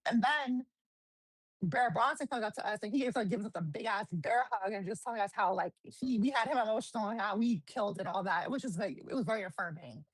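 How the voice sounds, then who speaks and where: A woman, a guest wrestler, telling stories in a casual interview, animated, swearing freely and acting out quotes. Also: medium pitch, brisk, husky, dry recording, poor audio. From New Jersey.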